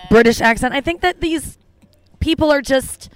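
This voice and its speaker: A woman's voice: high voice, normal speed. A woman hosting a comedy podcast, telling rambling stories with lots of swearing and filler words. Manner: rambling storytelling with frequent profanity and fillers. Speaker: podcast host. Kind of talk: casual comedic podcast chat.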